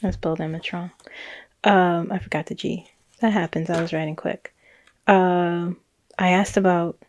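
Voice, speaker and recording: A woman's voice: fairly low pitch, darkish tone, dry recording. A woman, a psychic reader, casually recounting a reading in a chatty, rambling way with frequent laughs and restarts.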